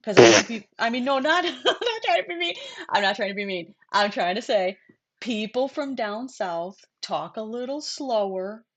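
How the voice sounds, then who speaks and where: A woman's voice: fairly high pitch, animated, normal speed. A woman hosting a casual true-crime livestream, chatty and digressive, talking straight to her viewers. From New York. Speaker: livestream host.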